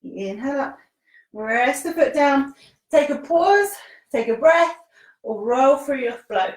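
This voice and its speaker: A woman's voice: high voice, lively intonation, takes it slowly. A woman leading a live-streamed yoga class, cueing breaths and poses in an encouraging, casual way while exercising and a little out of breath. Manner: encouraging, laughs often, casual British phrasing. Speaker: yoga teacher. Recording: echoey room, voice from the mic's distance.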